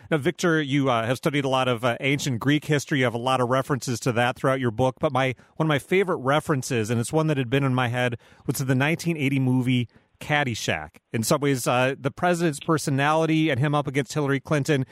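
Talk show guy, mid pitch, dead dry booth, loose chatty questions. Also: no echo. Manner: conversational, with filler and restarts while framing questions. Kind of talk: radio interview.

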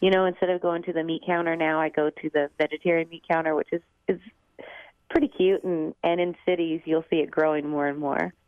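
A woman's voice: deep voice, fairly even intonation, brisk, no room sound, phone-quality sound. A woman with a Southern US accent, chatting upbeat and laughing as a radio interview guest. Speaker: cookbook author and TV cook, radio guest.

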